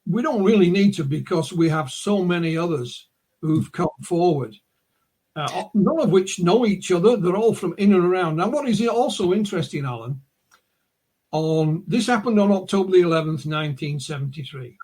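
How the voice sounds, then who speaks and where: A man's voice: high-pitched, lively intonation, normal speed, mellow, breathy edge. A man speaking as an interview guest, recounting a case step by step in casual conversation, with fillers along the way. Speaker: guest, UFO author.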